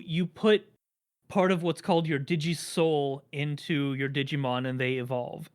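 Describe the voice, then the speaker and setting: A podcast host chatting casually, rambling through explanations with dry jokes. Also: mid-range voice.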